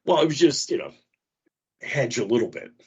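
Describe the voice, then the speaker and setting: A man co-hosting a radio talk show tells a story in casual conversation, acting out what other people said in a raised voice. His voice is mid-range with a breathy edge, his pace moderate, and the recording's highs are cut off.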